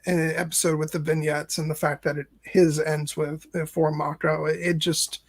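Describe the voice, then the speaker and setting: Gravelly man in his late thirties. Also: a little high, flat delivery, moderate pace. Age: late 30s. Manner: earnest, reflective, winding sentences. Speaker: co-host, first-time viewer. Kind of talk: casual podcast discussion.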